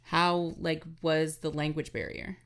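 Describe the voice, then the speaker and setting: A woman's voice: deep voice, little pitch movement, unhurried, smooth. A woman interviewing, asking brief, direct questions. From United States.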